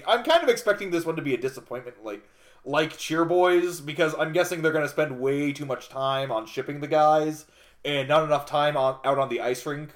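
Man, podcast co-host, animated voice, rambling, self-deprecating, casual chat. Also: a little high. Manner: rambling, self-deprecating, lots of fillers and restarts.

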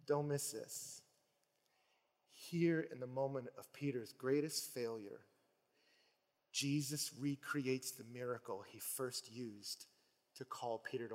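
A man's voice: mid-range voice, in a large hall. A male pastor preaching a sermon, retelling scenes and acting out the voices in them. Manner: animated storytelling, acts out voices in quotes.

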